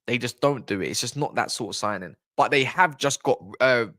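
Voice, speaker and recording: A man's voice: mid-range voice, expressive, a little fast, fairly bright tone, no echo, clean studio sound. A man hosting a football fan channel, chatting casually on a live stream in a blunt, rambling way and swearing freely.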